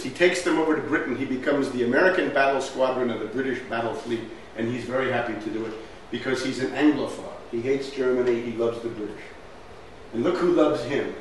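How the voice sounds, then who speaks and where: A mid-range male voice, carrying a little hiss or hum, leads a slide-based history lecture with emphasis. He asks rhetorical questions and says "right?" again and again. The room is very echoey, he is miked from far off, and there is faint ambient sound.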